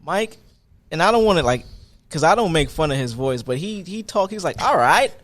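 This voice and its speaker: A young man guesting on a casual podcast, talking in a laid-back, agreeable way with plenty of slang. His voice sits higher than most men's. His pitch moves around a lot. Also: lively intonation, fairly quick. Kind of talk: casual chat.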